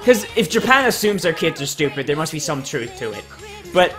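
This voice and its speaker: Young woman reacting to a cartoon, low voice, swears a lot, sarcastic, faint music under it. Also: big pitch swings, a little fast. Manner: crude, sarcastic and profane. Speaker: video host reacting to a cartoon. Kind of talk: casual reaction commentary.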